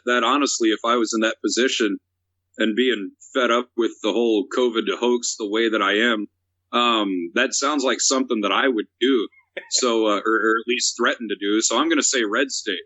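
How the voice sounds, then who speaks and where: A man's voice: medium pitch, steady tone, moderate pace, pushed and bright, dull audio. A man chatting on a comedy podcast in a loose, wry way, hesitating with fillers as he talks. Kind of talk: casual comedy podcast chat.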